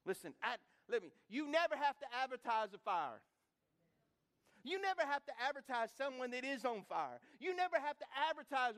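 High-voiced preacher. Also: male voice, very animated, a little fast, a bit bright. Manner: folksy, emphatic, repetitive preaching. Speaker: pastor. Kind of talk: sermon.

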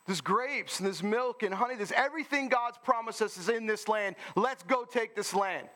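A man's voice: high voice, moderate pace, sharp tone, voice pushed up. A man voicing a confident male scout in a sermon, urging the people forward. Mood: rousing. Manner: confident, rousing, emphatic. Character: bold faithful male scout Caleb.

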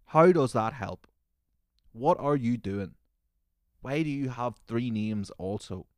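A man hosting a comedy podcast, ranting sarcastically with lots of swearing and sudden loud mocking bursts. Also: medium pitch, expressive, slow pace, pauses often, no echo.

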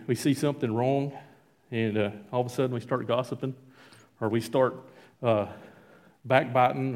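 A man giving an informal sermon and reading scripture aloud, conversational and halting, with frequent fillers and restarts. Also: medium pitch, darkish tone. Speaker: lay preacher.

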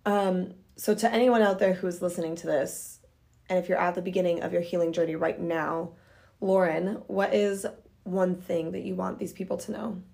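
A young woman hosting a casual podcast interview, talking in a gushing, excitable way. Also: lowish voice, moderate pace, vocal fry. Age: young adult. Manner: gushing, excitable, lots of "oh my gosh" and "like". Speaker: podcast host.

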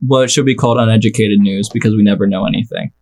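A man's voice: on the low side, fairly even intonation, very fast, a little mellow. A young man hosting a casual podcast, telling rambling, joking stories with friends. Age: young adult. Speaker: podcast host. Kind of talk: casual chat.

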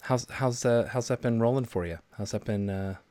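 A man's voice: mid-range voice, moderate pace, dark tone, no room sound. A man in his thirties co-hosting a podcast, talking in a rambling, jokey way. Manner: rambling, jokey, lots of fillers. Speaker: podcast co-host. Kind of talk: casual podcast chat.

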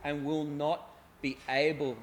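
A man's voice: a little high, level tone, a little slow, a little hiss or hum. A man pastor, from Australia, preaching a sermon in an earnest, conversational way, acting out quotes as he goes.

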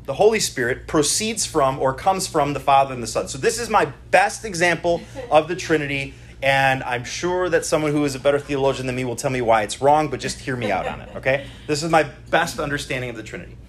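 Speaking a little fast with few pauses, this middle-aged pastor has a medium-pitched voice and lively intonation. His sermon at the church service is chatty and conversational, and he keeps checking in with the congregation.

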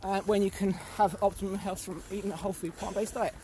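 A man's voice: high-pitched, steady tone, quick pace, warm tone, slight background noise. Impassioned man ranting while walking outdoors. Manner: impassioned, repeated rhetorical questions. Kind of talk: casual chat.

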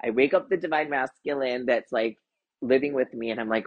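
Husky-voiced American woman telling a story. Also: rumbling low, brisk. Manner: chatty, many "like" fillers, animated retelling. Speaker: podcast host and intuitive card reader. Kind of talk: casual storytelling monologue.

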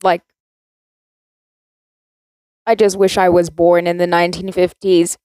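A woman's voice: lowish voice, little pitch movement, a little slow, warm tone, clean tone, no room sound. Chatty teen girl from south africa, rambly podcast rant, dry close sound. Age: teens. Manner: rambling, self-contradicting, chatty. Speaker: podcast host. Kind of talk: casual solo podcast rant.

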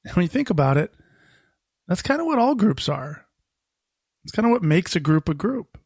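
Gravelly, husky man musing on a podcast. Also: sits high, normal speed, no room sound, clean studio sound. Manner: conversational, laughs often, lively shifts in emphasis. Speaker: podcast host. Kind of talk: reflective podcast monologue.

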